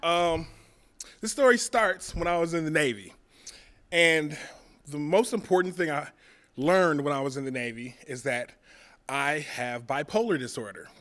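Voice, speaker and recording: A man telling a personal comic story, acting out both sides of the dialogue and laughing through his own lines. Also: measured pace. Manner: acts out both sides of dialogue, rising high and loud for punchlines. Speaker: stand-up comedian.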